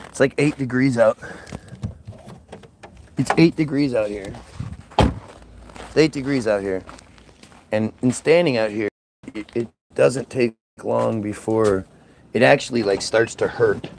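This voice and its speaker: Slow-talking man rambling outdoors. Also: mid-range voice, vocal fry, noisy background. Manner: profane, stammering, repeats himself. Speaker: vlogger. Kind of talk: casual rambling monologue. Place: outdoors in freezing weather.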